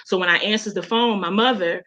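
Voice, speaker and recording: Baltimore woman, mid pitch, raw personal storytelling, slightly muffled recording. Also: brisk, sharp tone, slight background noise. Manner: emotional, conversational, many fillers like "you know". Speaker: guest. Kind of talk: personal storytelling in a radio interview. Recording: dull lo-fi sound.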